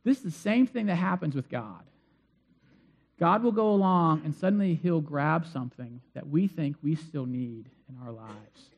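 A man's voice: a little high, lively intonation, moderate pace, creaky, highs cut off. A man preaching a conversational sermon as pastor. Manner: conversational, acts out quoted voices.

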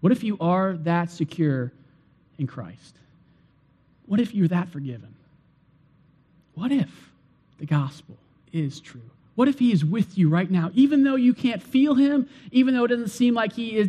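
Male pastor, higher register, emphatic sermon delivery with repetition and slowed stress. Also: animated, mellow. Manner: emphatic, repeats phrases, slows for emphasis.

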